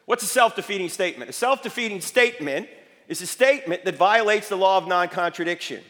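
A man giving an emphatic, lively lecture to a live audience, quizzing them with rhetorical questions, his voice slightly failing. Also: high voice, fast talker. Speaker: speaker addressing a live audience. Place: large hall with audience. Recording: echoey hall reverb.

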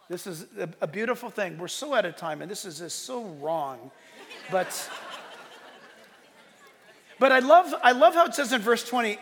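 A man pastor delivering a sermon in a church, animated, bursting into shouted emphasis. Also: high-pitched, in a large hall.

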